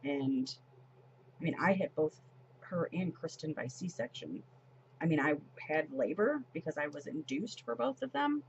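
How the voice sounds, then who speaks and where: A woman's voice: low-pitched, lively intonation, unhurried, vocal fry, muffled recording, a little hiss or hum. A woman in her forties chatting casually as she decorates her planner, retelling a story with lots of fillers and restarts. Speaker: planner vlogger.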